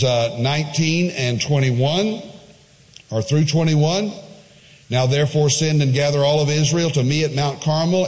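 A man preaching a sermon, retelling a scripture story with lively swings between quiet asides and high, excited quoted voices. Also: big-room sound, poor audio. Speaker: pastor.

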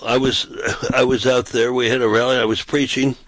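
A man's voice: mid-range voice, little pitch movement, brisk, fairly bright tone, dry recording, rough recording. A man who is a pastor and street preacher, telling anecdotes casually and acting out the quotes in a raised voice. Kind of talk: casual storytelling on a talk show.

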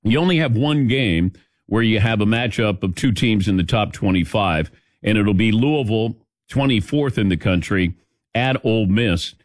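A man's voice: on the low side, normal speed, dry recording, clean studio sound. A middle-aged man hosting sports radio, chatting casually and telling stories with frequent laughs. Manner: chatty, storytelling, laughs often. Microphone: studio mic.

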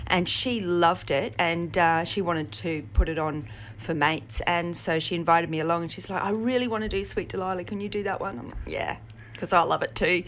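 Enthusiastic Australian woman, lowish voice. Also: a bit bright, a little hiss or hum. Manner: chatty and enthusiastic. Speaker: theatre director. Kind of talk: casual radio interview guest.

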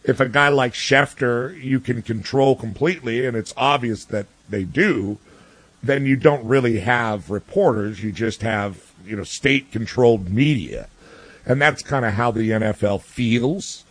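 A man's voice: mid-range voice, measured pace, fairly bright tone, no room sound. A man giving blunt, ranting sports opinions in casual talk, full of restarts and fillers. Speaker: sports commentator guest.

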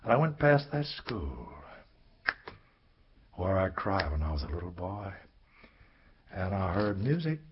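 A man's voice: deep voice, very animated, unhurried, pauses often. Older man, sing-song rhythmic storyteller. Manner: rhythmic, sing-song, swinging from loud cries to hushed whispers. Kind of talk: performed spoken-word storytelling. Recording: dull lo-fi recording with faint noise.

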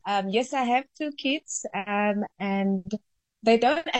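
A woman's voice: medium pitch, takes it slowly, no echo. A woman, a linguistics professor, explaining ideas in a friendly radio interview with frequent fillers.

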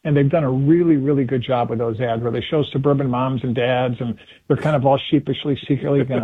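A man discusses politics over a phone line that sounds tinny and thin. His voice is husky and dry. He talks in an animated way and slips into put-on voices for quotes. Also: medium pitch, quick pace, few pauses, dry recording. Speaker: political commentator guest. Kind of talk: casual political talk on radio. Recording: phone-line call-in audio.

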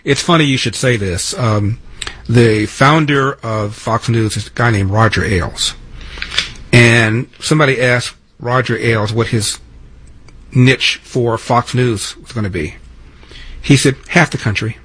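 A man's voice: medium pitch, a little slow, fairly bright tone, husky, rough recording. A man in his seventies hosting a radio call-in show, telling stories and arguing his points with emphasis. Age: 70s. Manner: storytelling, emphatic, argumentative. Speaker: radio talk show host. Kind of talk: talk radio monologue and call-in.

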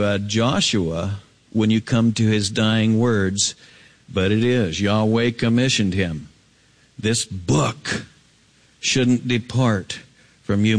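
A man preaching a Bible sermon, jumping up to high, ringing emphasis and dropping low and quiet, stretching key words slowly. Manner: swings between soaring high emphasis and low hushed reading. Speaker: pastor. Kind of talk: expository sermon.

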